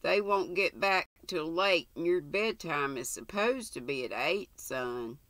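Woman reading as a firm, steady father. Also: sits low, dry recording. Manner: firm, measured.

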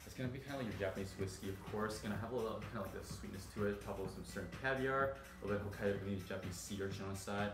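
Fast-talking upbeat server, echoey restaurant. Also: male voice, lowish voice. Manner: upbeat, rapid server patter. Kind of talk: presenting dishes. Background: music.

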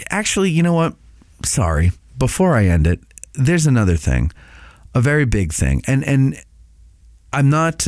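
A man's voice: lowish voice, a little mellow, clear, resonant tone, no room sound, studio quality. A podcast host giving a casual update on his show, rambling with many filler sounds and restarts.

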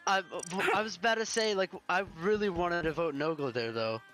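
Brief: high-pitched young man, excitable gamer banter, faint music behind. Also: fairly quick. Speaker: player. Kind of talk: casual gaming chat.

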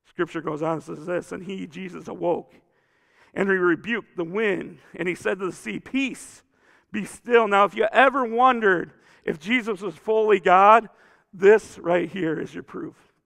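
High gravelly guy preaching, chatty sermon, goes loud then real quiet, church hall echo. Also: normal speed. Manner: conversational preaching, swings from loud to hushed. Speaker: pastor. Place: church sanctuary.

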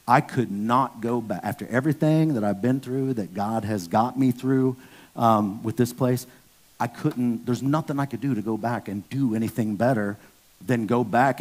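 This fifty-something pastor has a voice on the low side and preaches a frank sermon built on storytelling. He suddenly turns loud when he performs the stories.

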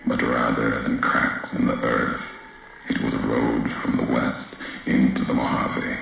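An actor playing a grim, weary wasteland courier in a video game, speaking in a raspy, deep voice with slow, clipped, terse sentences. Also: male voice, flat delivery, fairly bright tone, heavy reverb, a little hiss or hum, exaggerated voice.

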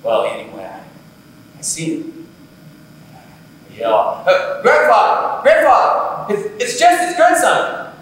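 An actor performing a wry, conversational storytelling monologue live on a theatre stage. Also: male voice, lowish voice, slow, pauses often. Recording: live theatre, distant and echoey.

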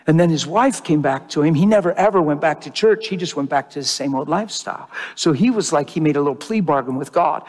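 High-voiced preacher in an echoey hall. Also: male voice, moderate pace. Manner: animated, emotional, acts out quoted people. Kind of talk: sermon storytelling. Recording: long hall reverb.

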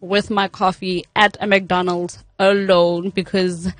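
A woman's voice: on the low side, flat delivery, slow. A South African woman speaking candidly as a guest on a radio interview, laughing often. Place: radio studio.

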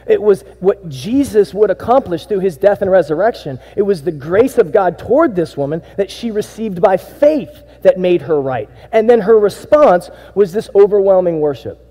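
A male pastor preaching with a high, mellow voice that carries through a church sanctuary with long reverb. He moves from near-hushed lines into emphatic, animated bursts. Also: moderate pace, hardly any pauses. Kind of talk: sermon.

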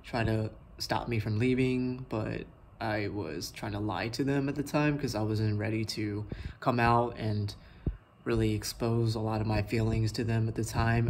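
A young adult man vlogging a personal story, talking in a halting way full of likes and ums. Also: on the low side, darkish tone, a little hiss or hum.

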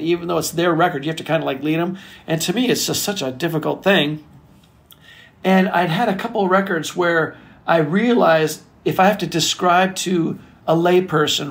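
A middle-aged record producer telling stories in an interview, animated and casual, swearing freely. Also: male voice, fairly high pitch. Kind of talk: storytelling interview chat.

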